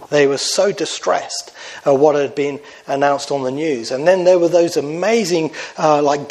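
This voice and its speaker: A man's voice: fairly high pitch, darkish tone. Earnest preacher, man. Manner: earnest, asks the congregation questions. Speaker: pastor. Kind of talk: sermon.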